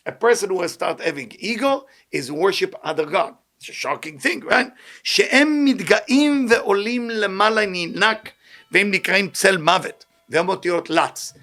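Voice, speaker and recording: A man teaching a Torah class, asking rhetorical questions and switching between English and quick Hebrew readings. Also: high-pitched, sharp tone. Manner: rhetorical questions, self-mocking asides. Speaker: Kabbalah teacher.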